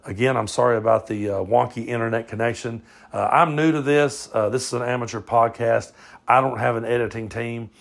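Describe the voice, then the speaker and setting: Gravelly Southern man, laid-back host. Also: medium pitch, steady tone, a little fast. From southern United States. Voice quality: drawling, loose, swears freely. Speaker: podcast host. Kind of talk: casual podcast monologue. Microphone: phone.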